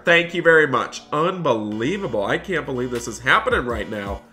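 A man hosting a gaming roleplay video as a store cashier, excitable, switching between chatting with viewers and scolding customers. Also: medium pitch, normal speed, faint music behind.

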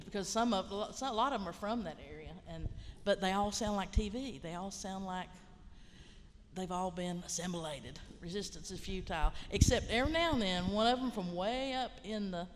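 A woman's voice: mid-range voice, moderate pace, big-room sound, a little hiss or hum. A woman in her fifties with a Southern Appalachian accent, frankly telling rambling stories on a panel. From Appalachia, western North Carolina. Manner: frank, rambling, plainspoken, with mild swearing. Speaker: writer and college teacher on a panel. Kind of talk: casual panel storytelling. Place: large lecture hall.

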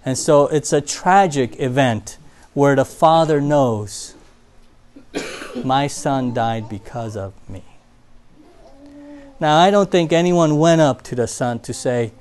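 A man preaching a sermon in a church, telling stories and swinging from loud emphasis to quiet asides. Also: medium pitch, lively intonation, slow pace, long pauses.

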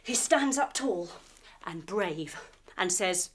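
A woman telling a guided yoga story for children, playful and animated with sound effects. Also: fairly low pitch, slow. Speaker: kids' yoga instructor and storyteller.

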